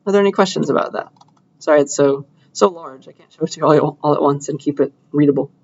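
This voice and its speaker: A man's voice: on the high side, fast, creaky, a little mellow. Casual young male lecturer, lo-fi capture. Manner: casual, chatty, thinking aloud while clicking through code. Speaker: computer science lecturer. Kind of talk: live classroom lecture with coding demo. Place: lecture hall.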